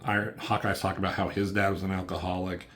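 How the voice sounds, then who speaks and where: A man's voice: deep voice, flat delivery, quick pace, a bit bright. A man casually reviewing a comic book, rambling with lots of fillers and casual swearing.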